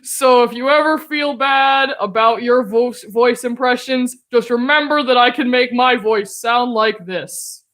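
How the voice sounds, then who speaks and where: A woman's voice: a little high, fairly even intonation, measured pace, few pauses, fairly bright tone. A woman putting on her most masculine voice. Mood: self-mocking. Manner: self-mocking, embarrassed demonstration. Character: her own deepest masculine-sounding voice.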